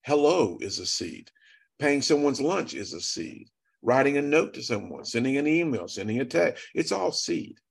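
A man's voice: medium pitch, very animated, moderate pace, creaky, breathy edge. A man telling an earnest, dramatic testimony as a guest, acting out the dialogue. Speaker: guest speaker. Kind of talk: storytelling testimony.

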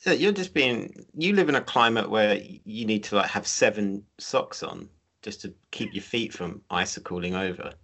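A man's voice: lowish voice, moderate pace, a bit bright. A man co-hosting a casual wrestling chat, talking bluntly and swearing casually. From southern United States. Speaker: podcast co-host.

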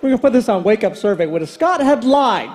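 A male pastor preaching in a loose, humorous storytelling style. He jokes and teases the congregation as he goes, keeping his delivery animated and conversational. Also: very high-pitched, brisk. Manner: animated, joking, chatty asides.

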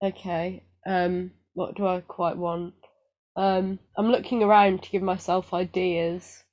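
A woman's voice: on the low side, level tone, unhurried, darkish tone, lo-fi sound. A woman co-hosting a casual podcast, rambling and self-deprecating with lots of fillers, getting over feeling unwell. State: recovering from illness. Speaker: podcast co-host. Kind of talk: casual chat.

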